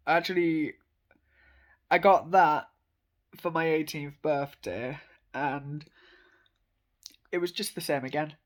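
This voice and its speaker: A young man speaks in a fairly high voice at an unhurried pace. He rambles in a casual monologue, with plenty of ums and uhs and small laughs. His tone is eager and enthusiastic. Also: fairly bright tone.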